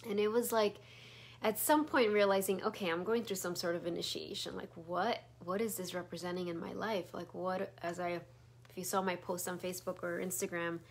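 A woman's voice: lowish voice, fairly even intonation, a little fast, breathy edge. A middle-aged woman giving a meandering spiritual talk as a teacher, sometimes dropping into a near whisper. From Chicago area. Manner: soft, meandering, drops to a whisper at times.

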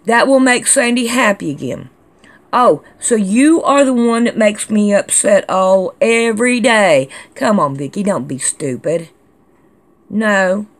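A woman's voice: medium pitch, unhurried. A woman hosting a casual vlog, reading out viewer comments in a chatty, scolding, drawling way. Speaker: channel host reading comments.

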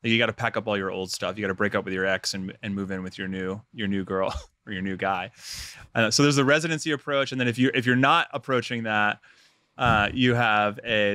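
A man's voice: on the low side, pushed and bright, no echo. A man co-hosting a casual finance podcast, explaining taxes in an easygoing, joking way. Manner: joking, easygoing, quick asides. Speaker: podcast co-host, tax advisor.

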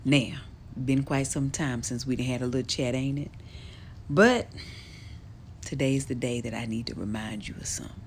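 A middle-aged woman giving a slow, gentle, affectionate motivational talk to the listener. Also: extremely low pitch. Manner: slow, soft, affectionate, drawling speech with many endearments. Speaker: motivational speaker. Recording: faint background noise.

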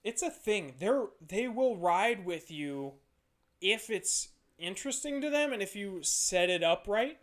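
A comedian man from Ohio talks loosely at a podcast table, swearing freely and poking fun at himself. His voice sits a little high for a man. He rambles through drunken, casual banter. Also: lively intonation, unhurried. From Ohio, USA. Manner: loose, profane, self-mocking.

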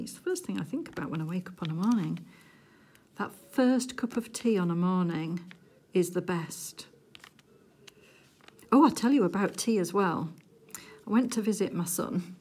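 A middle-aged woman from England chatting casually to viewers while she crafts, giggly and easily excited. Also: fairly low pitch, husky. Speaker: crafting vlogger.

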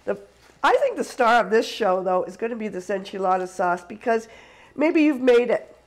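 A woman from Canada hosts a casual live cooking stream. She talks to her viewers in a chatty way and laughs often as she cooks. Her voice sits a little high. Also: very animated, normal speed, low-quality recording. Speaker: cooking show host.

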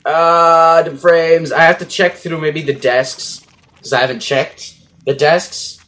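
A young man commentating a horror game as he plays, panicky and swearing, yelling at the enemies on screen. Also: on the high side, fairly even intonation, slow. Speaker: gaming YouTuber.

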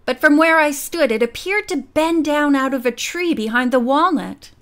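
A woman's voice: sits high, moderate pace, fairly bright tone. Woman voicing a bold, eager teen girl.

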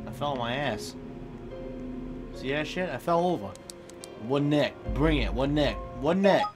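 A man's voice: medium pitch, lively intonation, a little slow. A young man casually commenting on a game, swearing often and reacting jumpily to scares, with music in the background. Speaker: gaming channel host.

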